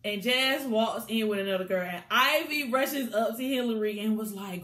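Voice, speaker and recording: A woman recapping a TV episode in a casual, animated way, laughing and acting out the scenes as she goes. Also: a little high, moderate pace, reverberant. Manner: animated, chatty storytelling with bursts of laughter. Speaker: TV show reviewer.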